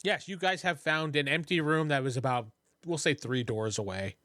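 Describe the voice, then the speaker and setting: A man's voice: on the high side, normal speed, pushed and bright, no room sound, studio quality. A man narrating a tabletop game as game master in an easygoing way, with hesitant restarts.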